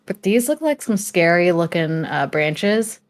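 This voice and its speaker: A woman with a low-pitched voice playing a tabletop game, firing off questions to the game master. She talks casually, with the odd "uh" and "like". Faint music plays underneath. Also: very animated. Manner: inquisitive, rapid questions. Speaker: player.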